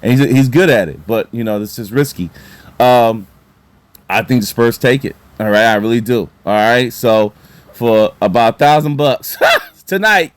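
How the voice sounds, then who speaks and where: A man chatting casually about basketball as a vlogger, animated and excitable, with lots of fillers and repeated words. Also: mid-range voice, normal speed, no echo. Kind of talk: casual sports talk.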